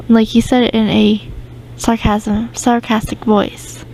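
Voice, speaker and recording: Young-sounding gravelly woman telling a rambling story. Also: fairly high pitch, flat delivery, slow pace, darkish tone, a little hiss or hum, rough recording. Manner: rambling, with many ums and restarts. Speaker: podcast host. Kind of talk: casual storytime podcast.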